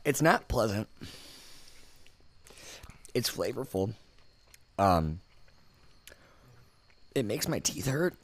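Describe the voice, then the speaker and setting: Male podcast co-host, animated pitch, casual and self-mocking while in pain. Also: drawn-out words, pauses often. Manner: talks through the pain of eating hot wings, rambling and self-deprecating. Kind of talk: casual chat.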